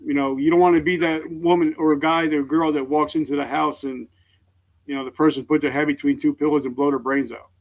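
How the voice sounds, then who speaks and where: A middle-aged man, a veteran guest on an interview show, speaking earnestly and openly in halting sentences. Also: fairly high pitch, fairly even intonation. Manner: earnest, halting, emotionally open. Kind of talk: candid interview talk.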